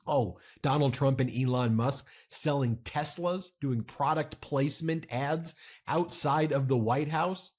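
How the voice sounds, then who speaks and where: A man tears into politics in a sarcastic, mocking commentary. His voice sits at an everyday middle pitch, and his jabs come quick and scornful. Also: darkish tone. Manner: sarcastic, mocking, does exaggerated impressions. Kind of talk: fast-paced political commentary rant.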